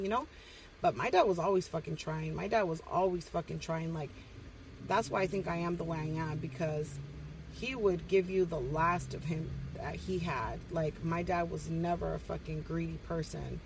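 A woman's voice: lowish voice, moderate pace, recorded from a distance, slight background noise, low-quality recording. A woman guesting on a podcast, telling stories casually and bluntly, swearing heavily and slipping into Spanish. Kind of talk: casual, profane storytelling.

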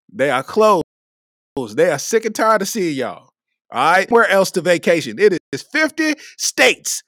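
A man's voice: sits high, very animated, measured pace, pauses often, fairly bright tone, no echo, clean studio sound. A man from Kentucky, hosting a podcast solo and delivering a comedic rant with lots of laughter and preachy emphasis. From Lexington, Kentucky. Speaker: podcast host.

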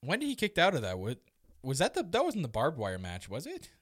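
A man co-hosting a casual podcast chat, excitable and rambling, with quick laughs and restarts. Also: on the high side, no room sound, clean studio sound. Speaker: podcast co-host. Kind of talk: casual wrestling recap chat.

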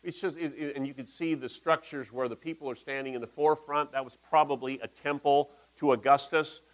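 A man's voice: fairly high pitch, steady tone, fairly quick, low-quality recording. A man giving a conversational, folksy sermon in a church, talking through slides with asides. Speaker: pastor.

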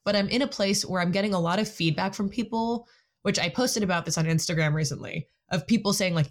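A woman's voice: medium pitch, fast. A woman in casual conversation, speaking candidly and self-consciously, often quoting what others say.

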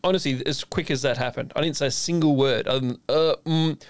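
Animated man telling a story. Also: medium pitch, a little fast, clean tone, no echo. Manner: animated storyteller, acts out quoted voices, swears freely. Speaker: podcast co-host, chef. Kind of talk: casual storytelling chat.

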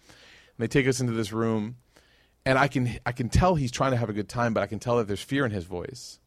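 A man, giving a religious lecture as a casual, animated storyteller who acts out quotes. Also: medium pitch, a little fast, no room sound.

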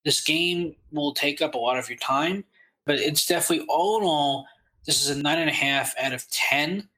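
Male podcast guest, game reviewer, bright forceful tone, eager and quick. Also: a little high, poor audio. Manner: eager, rapid explanations.

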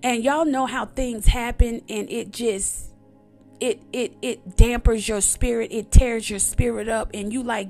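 A woman's voice: a little high, steady tone, measured pace, a little mellow, soft background music. A woman giving an emphatic, repetitive personal testimony in a conversational preaching style. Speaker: devotional speaker.

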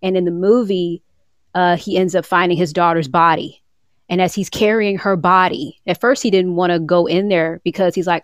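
A woman with a lowish voice talks earnestly and a little preachy, teaching on forgiveness the way a casual faith podcast does. She quotes scripture in old formal wording. Her sound is dry, with no room around her. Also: fairly even intonation, moderate pace, no room sound. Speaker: podcast co-host. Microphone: remote call, moving around.

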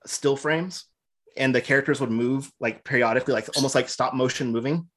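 A man's voice: mid-range voice, fairly quick, fairly bright tone. A man co-hosting a podcast in casual chat, rambling through opinionated game critique. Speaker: podcast co-host.

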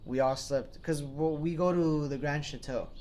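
A young man co-hosting a podcast, telling animated stories in casual chat, swearing freely and acting out what people said. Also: on the high side, normal speed, a little hiss or hum. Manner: animated storyteller, swears freely, acts out quoted voices. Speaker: podcast co-host.

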